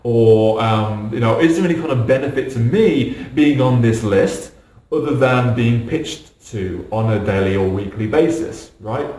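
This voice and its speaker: A man's voice: mid-range voice, measured pace, warm tone. Chatty man in a roomy echo. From England. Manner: chatty and reassuring, with light self-deprecating laughs. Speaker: online business coach. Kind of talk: casual to-camera Q&A advice.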